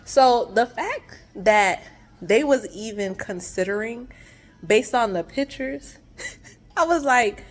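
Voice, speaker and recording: A woman chatting casually to her viewers about a story, animated and laughing often, recorded in her car. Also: a little high, takes it slowly, poor audio. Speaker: vlogger telling a story. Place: in her car, then outside by a garage.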